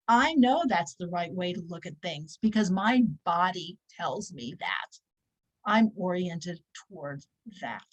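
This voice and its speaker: A woman's voice: medium pitch, low-quality recording. A woman teaching a conversational weekly religious lesson to women, repeating key phrases and acting out little quoted voices.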